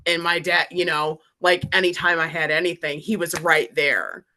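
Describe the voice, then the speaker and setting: Union-laborer woman from Massachusetts as podcast guest: chatty, laughs a lot, fairly low, bright-edged voice. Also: steady tone, normal speed, slight background noise. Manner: chatty, laughs often, fills talk with "like". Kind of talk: casual podcast interview.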